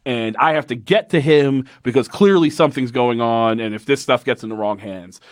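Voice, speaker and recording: A man's voice: medium pitch, normal speed, dry recording, clean studio sound. A man hosting a podcast, recapping an old TV show in a casual, sarcastic and profane way. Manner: animated, profane, sarcastic retelling. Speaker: podcast host. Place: podcast studio.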